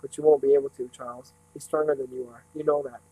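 A man's voice: mid-range voice, little pitch movement, fast, mellow, close to an everyday voice, poor audio. A man voicing a frightened, stubborn young girl in an urgent reading.

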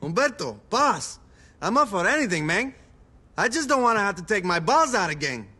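An actor playing an excitable young gang member in a video game. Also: male voice, high voice, normal speed, breathy edge, exaggerated voice. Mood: sheepish. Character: jittery young male Cuban gang member.

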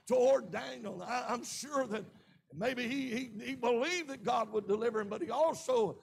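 A man with a Southern American accent preaching a sermon in a church, with shouted peaks and frequent amens. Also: very high voice, normal speed, vocal fry. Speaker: pastor. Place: church sanctuary.

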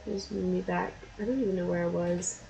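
A woman's voice: lowish voice, steady tone, fast, gravelly, dark tone, slight background noise, poor audio. A young woman streamer chatting casually with her viewers as she draws, laughing often and poking fun at herself. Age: young adult. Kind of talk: casual chat while drawing.

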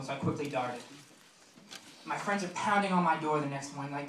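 Here's a twenties-aged comic doing stand-up in a club, his voice a little high and a bit bright. He talks fast and casually, leaning on fillers and firing off short remarks to the crowd. The far-placed mic picks up a noisy, roomy club sound.

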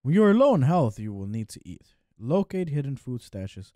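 A man's voice: medium pitch, very animated, normal speed, warm tone, dry recording, studio quality. A young man giving offhand, mumbled commentary while playing a video game. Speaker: let's play gamer. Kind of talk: casual gameplay commentary.

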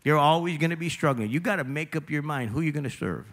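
High bright preaching pastor. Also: male voice, fast talker. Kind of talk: sermon.

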